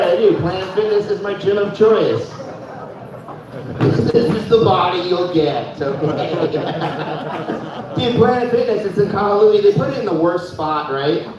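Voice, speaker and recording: A man's voice: high voice, background noise. A young man from North Dakota doing a stand-up comedy set, casual and loose, dropping "dude" all the time and laughing at his own jokes. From Fargo, North Dakota. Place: live comedy show in a room. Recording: echoey room, mic heard from far, dull.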